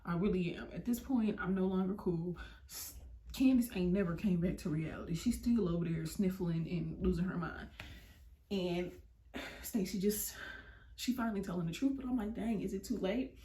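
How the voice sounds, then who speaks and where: A young woman vlogger telling a story, animated and slangy. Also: lowish voice, moderate pace. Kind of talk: storytime vlog. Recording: roomy, mic at a distance.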